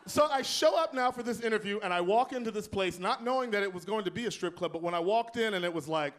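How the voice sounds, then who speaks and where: A man from Texas doing stand-up into a handheld mic, sassy and loud, with sudden whoops. His voice sits fairly high for a man. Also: animated, brisk, hardly any pauses. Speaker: stand-up comedian. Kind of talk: stand-up comedy set.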